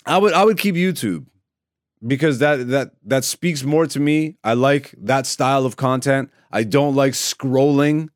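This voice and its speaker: A man's voice: mid-range voice, measured pace, dry recording, studio quality. A man hosting a podcast on his own, ranting in a profane, rambling, mocking way. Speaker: podcast host. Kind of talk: solo comedic rant. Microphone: studio mic.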